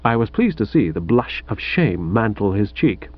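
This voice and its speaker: Animated man reading a comic novel. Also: fairly low pitch, moderate pace, highs cut off. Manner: animated, wry, mock-grand storytelling. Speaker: audiobook narrator.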